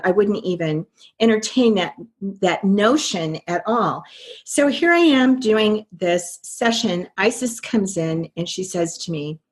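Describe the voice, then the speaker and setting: A woman's voice: mid-range voice, lively intonation, unhurried. An older American woman, a guest on an interview show, telling her personal story in an earnest, reflective way. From American Midwest. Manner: earnest, reflective, speeds up when recalling inner dialogue.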